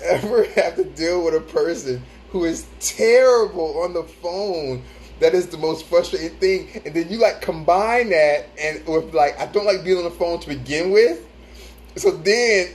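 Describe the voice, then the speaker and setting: A man's voice: sits high, a little hiss or hum. A man hosting a casual livestream on his phone, telling stories animatedly, laughing often and greeting viewers. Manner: laughs often while talking, animated storytelling; reads out and greets viewer comments. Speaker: livestream host.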